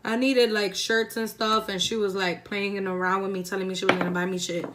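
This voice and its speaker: A woman's voice: mid-range voice, steady tone, fast talker, few pauses, a bit bright. A young woman vlogger who tells a story in a chatty, laid-back way while doing her makeup, swearing freely. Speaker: beauty vlogger.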